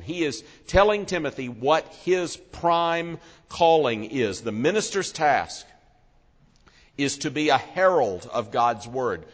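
Earnest male preacher in a reverberant hall. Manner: earnest, slows and drops low for solemn emphasis. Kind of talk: expository sermon. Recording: long reverb of a large hall.

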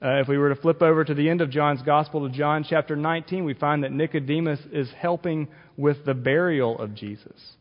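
A man's voice: on the high side, a little fast, hardly any pauses. A male pastor giving an earnest sermon, explaining scripture with occasional restarts. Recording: dull audio with long reverb in a hall.

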